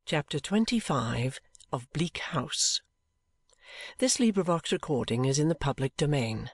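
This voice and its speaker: A volunteer narrator reading a classic novel in a measured, even manner at a middling pitch. The recording is dry and close, with no room sound around the voice. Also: slightly rough, no room sound. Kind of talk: audiobook narration.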